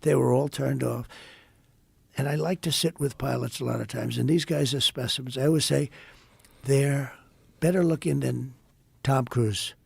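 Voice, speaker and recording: An older man from the United States, a podcast guest, telling a rambling, repetitive story and acting out quoted dialogue in a hushed voice. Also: medium pitch, normal speed, gravelly, slightly rough, no echo. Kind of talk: casual storytelling in an interview.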